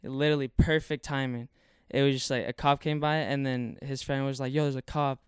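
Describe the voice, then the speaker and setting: A man's voice: medium pitch, steady tone, brisk, clear, resonant tone, dry recording, studio quality. A young man telling a story in casual talk, rambling with lots of fillers and swearing. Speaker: podcast guest.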